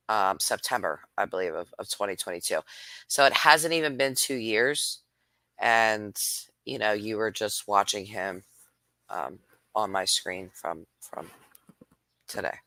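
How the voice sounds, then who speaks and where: A man's voice: on the low side, unhurried, bright, forceful tone, no room sound. A man hosting a commentary show talks casually and rambles a little while near tears. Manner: tearful, rambling, self-deprecating. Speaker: host reacting to videos.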